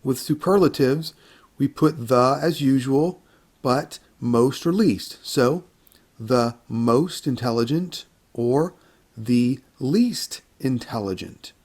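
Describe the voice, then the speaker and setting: A man teaching an English grammar lesson to learners, speaking deliberately and repeating words for them to hear. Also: mid-range voice, a little mellow. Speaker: English instructor.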